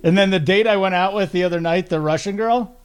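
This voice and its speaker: Animated, higher-voiced male podcast host. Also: quick pace, smooth. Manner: animated, joking storyteller. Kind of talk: casual podcast chat.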